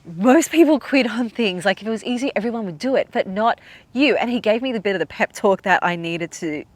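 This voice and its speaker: A woman's voice: medium pitch, expressive, a little fast, dry recording. A woman hosting a podcast, telling a personal story in a chatty, emotional way with lots of filler words. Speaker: podcast host.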